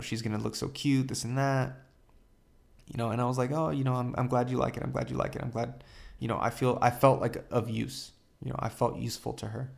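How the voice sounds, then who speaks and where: A young man hosting a podcast, retelling a painful family story in a halting way, full of fillers and quoted dialogue. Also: medium pitch, vocal fry. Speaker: podcast host. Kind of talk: personal storytelling.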